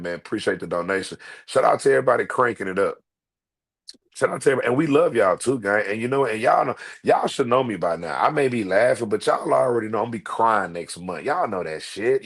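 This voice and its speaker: High, lively man hosting a livestream. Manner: loud, emphatic, repetitive, profane banter to viewers. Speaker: livestream host. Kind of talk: animated livestream commentary.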